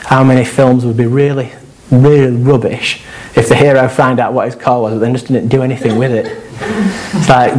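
A man delivers a sermon in a relaxed, conversational way. He is animated and jokes with the listeners as he goes. His voice sits at an ordinary middle pitch for a man. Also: normal speed, background noise. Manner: conversational, animated, with laughs and asides. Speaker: preacher.

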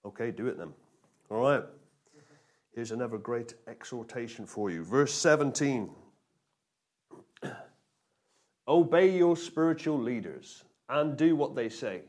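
A pastor preaches to his congregation with energy, pressing them for answers and leaning hard on repeated phrases. His voice sits at an ordinary middle pitch for a man. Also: a little slow, pauses often. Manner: energetic, call-and-response with congregation, emphatic repetition. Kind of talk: sermon.

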